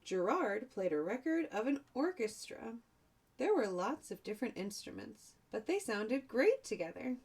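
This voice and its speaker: A woman teacher reading a picture book aloud to young children, chatty, pausing to add asides and explain words. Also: on the high side, big pitch swings, a little mellow, husky.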